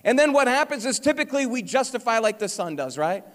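A man's voice: extremely high pitch, big pitch swings, fast talker, fairly bright tone. A man preaching a sermon as pastor, earnestly warning and exhorting his congregation in a church. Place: church sanctuary. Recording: long reverb of a church hall.

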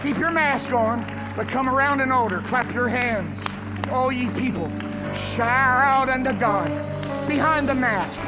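A man preaching a sermon as pastor, swinging from shouted climaxes to hushed drops. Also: very high-pitched, unhurried. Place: church sanctuary. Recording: echoey hall with music and congregation.

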